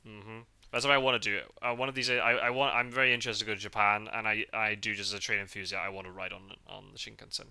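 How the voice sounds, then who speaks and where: Man, from the UK, podcast host, casual rambling chat, very bright tone. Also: on the low side, little pitch movement, fast talker, few pauses, clear, resonant tone. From United Kingdom. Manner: chatty, rambling, full of fillers and restarts. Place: parked car.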